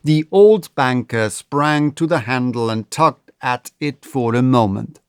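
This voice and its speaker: A man reading a short story aloud as narrator, in an expressive, measured style. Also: medium pitch, clean tone, no echo, studio quality. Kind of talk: scripted audiobook narration.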